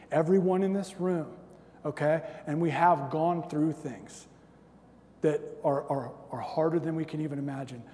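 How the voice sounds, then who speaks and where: A man's voice: fairly high pitch, dark tone. A man in his thirties preaches in a slightly raised voice. He is conversational and self-deprecating, and he acts out little stories. His voice rings with the long reverb of a large hall. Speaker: pastor. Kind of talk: sermon.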